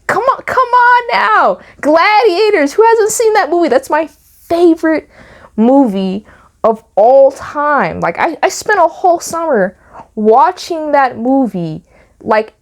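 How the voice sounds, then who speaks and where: Exasperated woman doing commentary. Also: on the high side. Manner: animated, exasperated, repeats phrases for emphasis. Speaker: YouTube commentator and author. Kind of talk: casual commentary vlog.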